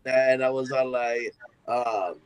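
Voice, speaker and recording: A man, a musician guest on a podcast, telling a story in an animated way and acting out the voices of the people in it. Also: medium pitch, slow pace, crowd noise, low-quality recording. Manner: animated, acts out quoted voices in his stories.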